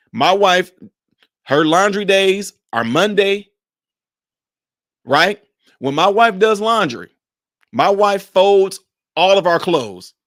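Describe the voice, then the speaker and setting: A man hosting his own vlog from his home man cave, telling stories to viewers in an animated, chatty way. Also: sits high, no echo, clean studio sound. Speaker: vlogger, channel host. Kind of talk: casual vlog talk to viewers.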